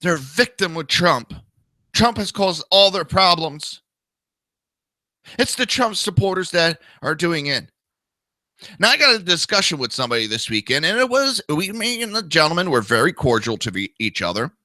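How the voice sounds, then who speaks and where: A man with a New Jersey accent hosts a political talk show, ranting through a blunt, crude, combative opinionated monologue and mocking people with whiny impressions. His voice is a little high, bright and forceful, very animated, at normal speed with no room sound.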